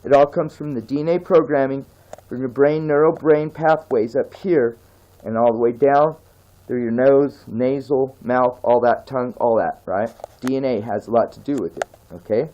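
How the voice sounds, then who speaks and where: A man's voice: medium pitch, moderate pace, dark tone, lo-fi sound. A man from the United States, raised in California and Tennessee, giving a meandering monologue full of fillers and "okay?" checks. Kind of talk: rambling monologue.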